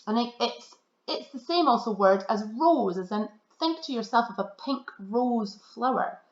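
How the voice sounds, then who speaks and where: A woman's voice: fairly high pitch, lively intonation, echoey room, muffled recording. A woman teacher, cheerfully talking through a recorded slideshow lesson for children and stressing the key words. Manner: cheerful, encouraging, speaks slowly with emphasis on key words.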